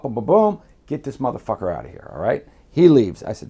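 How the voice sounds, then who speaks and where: Middle-aged man from Miami, dark husky voice, blunt profane storyteller. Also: mid-range voice, huge pitch swings, fairly quick, hardly any pauses. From Miami, United States. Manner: blunt, swears freely, acts out quotes. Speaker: guest.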